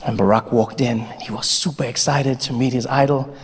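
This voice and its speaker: A male stand-up comedian telling a story with brisk narrative asides. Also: mid-range voice, steady tone, slightly rough, in a large hall.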